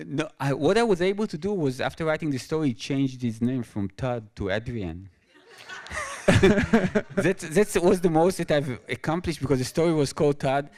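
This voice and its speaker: Halting Israeli man telling a stage story. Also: fairly high pitch, a little mellow. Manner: halting, many restarts and repeated words. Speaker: guest author. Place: stage at an awards event.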